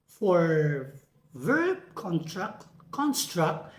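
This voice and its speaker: A woman's voice: lowish voice, animated, slow pace. A woman giving a lecture on English pronunciation, carefully repeating example words aloud. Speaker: teacher. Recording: echoey room.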